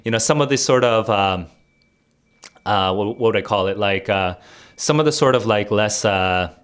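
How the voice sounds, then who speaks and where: A man's voice: lowish voice, moderate pace, a bit bright, clean tone. A young man streaming casually, rambling with many fillers and restarts while he quizzes his viewers on vocabulary. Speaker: streamer and test tutor. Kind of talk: casual livestream chat and vocabulary quiz.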